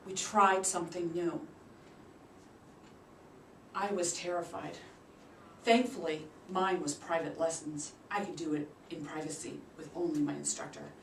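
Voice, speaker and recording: A woman giving a prepared storytelling speech at a public speaking club. She acts out the quoted voices with big leaps in pitch and loudness. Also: slight background noise. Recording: roomy sound from a distant mic.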